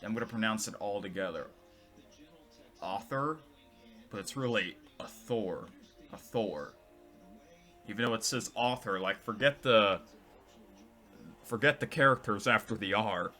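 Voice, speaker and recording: Man, low pitch, bright forceful tone, casual rambling vlog commentary, self-corrections. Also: normal speed, faint music behind. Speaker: vlogger reading tweets.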